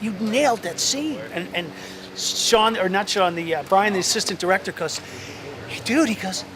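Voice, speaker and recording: A man telling an animated story about his first film role in a casual interview, acting out the other people's lines. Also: high voice, moderate pace. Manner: animated storyteller, acts out quotes, many restarts. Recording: crowd noise outdoors.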